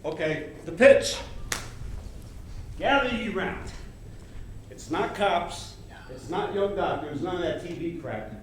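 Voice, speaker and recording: Guy doing a pushy hollywood agent, high voice, stage play heard from far back. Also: animated, takes it slowly, pauses often, heavy reverb, a little hiss or hum. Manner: pushy, wisecracking salesman patter. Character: brash fast-talking male Hollywood agent. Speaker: stage actor. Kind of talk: live amateur stage play. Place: theater stage.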